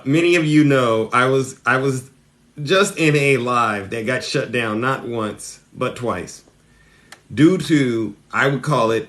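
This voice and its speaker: A man hosting a satirical live stream, talking in a mock-earnest, animated way that rises excitedly as he retells stories. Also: medium pitch.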